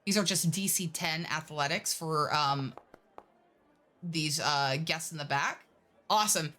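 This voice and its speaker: Woman, game master, tabletop narration, bright tone, chatty. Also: low-pitched, unhurried. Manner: chatty, many fillers.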